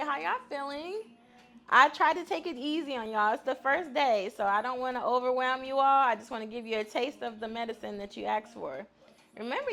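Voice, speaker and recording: A woman's voice: sits high, sharp tone. A woman guiding a stretching class in an upbeat, chatty way, often laughing as she talks. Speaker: fitness instructor.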